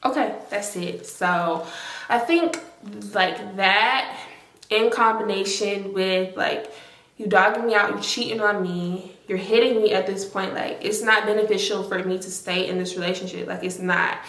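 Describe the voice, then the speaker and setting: A woman's voice: medium pitch, steady tone, measured pace, fairly bright tone. Young woman doing a chatty storytime vlog, says like a lot, echoey room. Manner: chatty, talks to viewers directly, heavy filler use. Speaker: storytime vlogger. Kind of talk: casual storytime narration.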